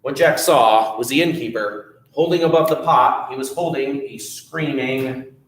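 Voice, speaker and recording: A man telling a folk tale at a library storytime, animated and drawing pictures as he goes. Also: mid-range voice, unhurried, slight background noise. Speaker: children's storyteller. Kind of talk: storytime read-aloud. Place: library room. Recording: echoey room.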